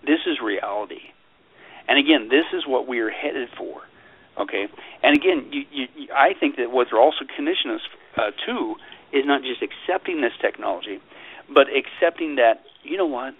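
A man talking as a guest in a radio interview. He speaks in an animated way, repeats himself often, and mocks other views in sarcastic put-on quotes. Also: mid-range voice, moderate pace, husky. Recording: tinny phone line, dry.

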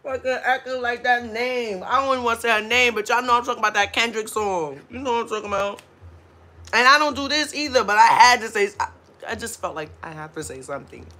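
A woman's voice: a little high, fast talker, pushed and bright. A woman hosting a mukbang livestream, ranting casually with blunt, profane talk and frequent laughs while hungover.

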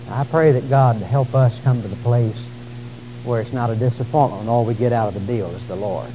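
A man preaching a sermon in a folksy, dramatic way, calling his listeners folks and swinging from exclamations to quiet lines. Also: steady tone, a little fast, noisy background. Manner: dramatic preaching, rising to exclamations and dropping low. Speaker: pastor.

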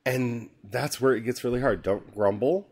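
A man hosting a podcast, reading a scripture passage slowly and musing on it in an earnest, conversational way. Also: mid-range voice, darkish tone, slightly rough. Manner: slow, earnest, musing aloud. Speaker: podcast host. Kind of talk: reflective scripture talk.

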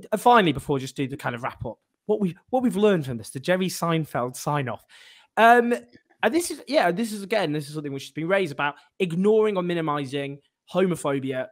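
A man with a Northern English accent hosting an interview, asking long, rambling, self-deprecating questions. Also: a little high. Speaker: host.

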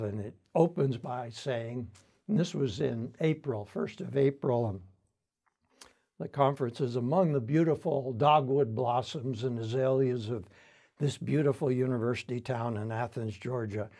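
Older man, mellow dark tone, unhurried reflective storyteller for an oral history interview. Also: medium pitch, gravelly, slightly rough. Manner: reflective storytelling with frequent fillers. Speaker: interviewee, founding center director.

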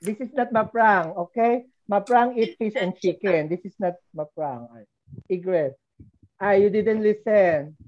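A woman's voice: mid-range voice, unhurried, muffled recording. A woman teaching English to young children over a video call, patiently prompting and drilling their answers. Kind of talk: online class with young children. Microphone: computer mic on a video call.

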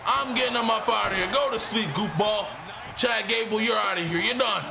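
A young man giving excited, slang-heavy commentary while playing a wrestling video game, repeating himself and shouting as he reacts. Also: high voice, normal speed, gravelly, noisy background. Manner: hyped, repetitive slang talk. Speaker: gaming YouTuber. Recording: game music underneath.

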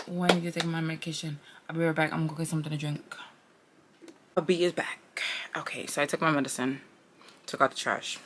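A woman's voice: sits low, noisy background. A woman in her thirties, a stay-at-home mom, chatting casually in a vlog at home, rambling and slangy, sometimes dropping to a whisper during chores. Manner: drops into whispers while doing chores. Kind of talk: casual vlog chat to camera.

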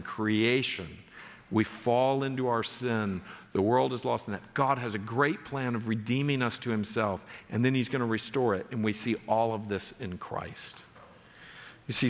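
A man's voice: mid-range voice, fairly bright tone. A man pastor preaching a sermon in a church, reading scripture aloud with earnest emphasis. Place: church sanctuary. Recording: long reverb of a church hall.

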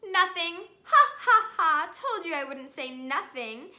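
A woman's voice: high voice, animated, slow pace, pushed and bright, voice pushed up, heavily acted. A woman voicing a mischievous male poltergeist who taunts in a cackling sing-song. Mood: gleeful taunting.

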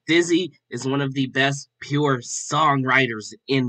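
A man hosts a casual music reaction in a bright, forward voice. He talks in an upbeat, loose way and keeps tossing in "like" and "all right?" between thoughts. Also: mid-range voice, measured pace, few pauses. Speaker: host.

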